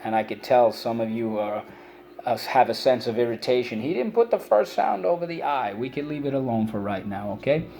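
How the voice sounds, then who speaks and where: A man's voice: medium pitch, a little fast, vocal fry, a little hiss or hum. Upbeat man leading a phonics lesson. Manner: energetic, calls out words for students to repeat. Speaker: teacher. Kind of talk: phonics vocabulary lesson for children.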